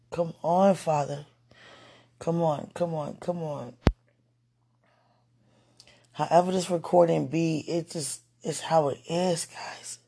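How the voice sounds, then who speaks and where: Overwhelmed man pleading in breathy whispers. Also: fairly high pitch, steady tone, slow, long pauses, a little mellow. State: emotional, near tears. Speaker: vlogger. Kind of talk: emotional late-night vlog.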